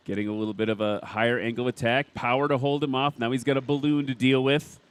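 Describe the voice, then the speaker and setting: A man's voice: mid-range voice, fairly even intonation, fast talker, smooth. A man in his forties giving enthusiastic live play-by-play commentary at an air competition. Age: 40s. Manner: enthusiastic, chatty.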